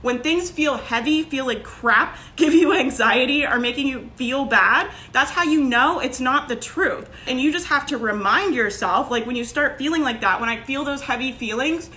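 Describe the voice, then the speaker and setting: A woman's voice: high-pitched, expressive, moderate pace, few pauses, pushed and bright. A young woman giving a casual motivational talk as a business coach, candid and swearing now and then, with lots of "like" and "right?".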